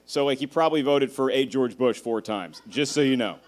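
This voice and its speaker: A man performing a stand-up comedy set, telling animated stories, swearing and laughing at his own jokes. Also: mid-range voice, brisk.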